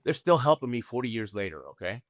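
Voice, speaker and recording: A man's voice: mid-range voice, fast talker, no room sound. An older man from Argentina tells his story in an interview with lots of energy. He acts out both sides of conversations and keeps asking "okay?" and "right?". The recording is close and dry, with no room sound. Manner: animated storyteller, acts out dialogue, frequent "okay?" tag questions. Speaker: guest, Olympic luge athlete.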